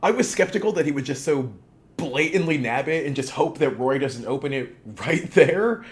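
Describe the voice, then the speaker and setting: Husky, lively-voiced male reviewer. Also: fairly high pitch, normal speed. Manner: wry, joking asides. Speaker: anime reviewer. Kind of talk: casual episode review narration.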